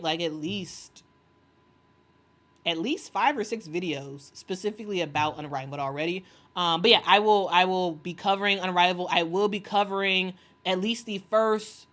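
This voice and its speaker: Rambling, lower-pitched woman livestreaming. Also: sharp tone. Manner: rambling, many fillers and restarts; enthusiastic, laughs often. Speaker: sports commentary host reading live chat. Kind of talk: casual livestream chat.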